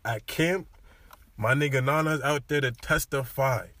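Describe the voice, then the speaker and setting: A young man casually telling a story among friends, animated and full of slang, acting out what others said. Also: medium pitch, a little slow, no room sound.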